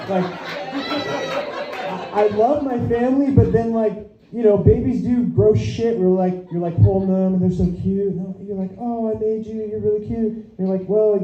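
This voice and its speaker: Young male comic, high voice, dark tone, rambling and profane, echoey lo-fi club audio. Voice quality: profane, rambling, self-amused. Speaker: stand-up comic. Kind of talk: stand-up set. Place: small comedy venue.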